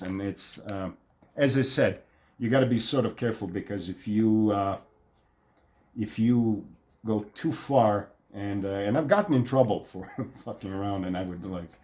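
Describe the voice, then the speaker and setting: A man from Croatia casually explaining accents, halting often with fillers and tag questions. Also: lowish voice, a little mellow. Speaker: vlogger demonstrating accents.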